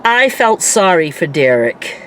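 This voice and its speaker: A woman's voice: fairly low pitch, very animated, fairly bright tone. A middle-aged woman talking candidly to her viewers in a rambling personal vlog, with faint vehicle noise behind her. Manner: candid, rambling, quick to laugh. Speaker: vlogger.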